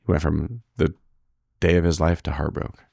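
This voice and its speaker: A man's voice: extremely low pitch, level tone, brisk, creaky, a little mellow, breathy edge, dry recording, clean studio sound. A man who is a rodeo roper and father, a podcast guest telling blunt, profane stories full of quoted dialogue in a casual interview.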